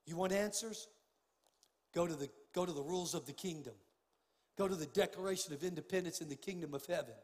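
An older man delivers a heated sermon from the pulpit, his voice pitched high for a man. He swings between quiet, intimate stretches and loud, pressing outbursts. The long reverb of a large church sanctuary trails after his words. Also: fairly quick. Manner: impassioned, swings from hushed to loud. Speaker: pastor.

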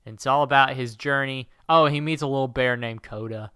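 Bright-voiced man in casual chat. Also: mid-range voice, fairly even intonation, fairly quick, clear, resonant tone, no room sound, studio quality. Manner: jokey, rambling plot recap with silly quoted voices. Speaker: podcast co-host.

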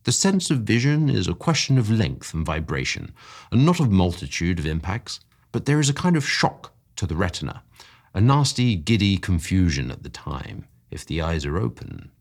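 A man voicing an excitable male scientist who talks fast and shouts in high, breathless bursts. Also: exaggerated voice. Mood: urgent. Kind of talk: audiobook character voice.

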